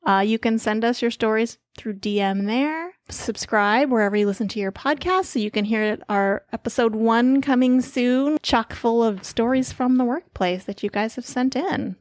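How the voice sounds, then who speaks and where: A woman with a nasal, slightly high voice chats loosely as a podcast co-host. She laughs easily and keeps things informal. Her voice sits close and dry on the mic. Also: normal speed, hardly any pauses, no echo. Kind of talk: casual podcast chat.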